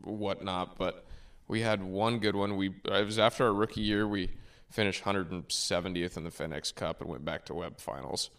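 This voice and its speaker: Man with a lowish voice, guest caddie on a chat podcast, easygoing and rambling. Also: normal speed, few pauses. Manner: relaxed, rambling, self-correcting. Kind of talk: casual storytelling.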